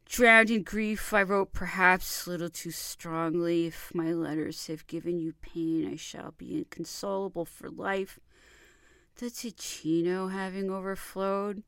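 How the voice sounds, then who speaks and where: A woman reads an old love letter aloud in a slow, deliberate, impassioned way. Her voice sits a little low, and the recording is dry and close, with no room around it. She sometimes drops to a soft whisper. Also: smooth, dry recording. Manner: impassioned, theatrical delivery with soft whispered passages. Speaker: reader.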